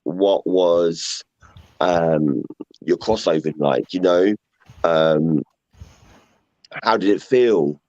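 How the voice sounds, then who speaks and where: A man's voice: low-pitched, very slow, pauses often, a little mellow, dry recording. A man with a London accent, a guest talking about paranormal investigating in a casual, rambling way full of fillers and repeats. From England. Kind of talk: casual chat. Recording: muffled lo-fi audio.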